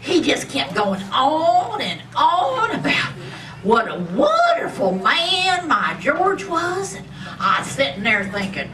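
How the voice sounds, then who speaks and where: A woman's voice: huge pitch swings, slow, crowd noise, full character voice. A woman playing a chatty elderly widowed country woman in a live stage comedy act, talking in a folksy, gossipy drawl. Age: older. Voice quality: gossipy, folksy drawl with shrill rising squeals. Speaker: comedy sketch performer. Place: outdoor community festival stage. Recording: distant echoey live recording with background noise.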